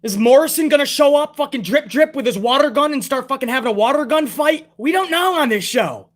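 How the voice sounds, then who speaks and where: Young adult male reviewer, high voice, profane and sarcastic ranting delivery. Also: lively intonation, a little fast. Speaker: wrestling show reviewer.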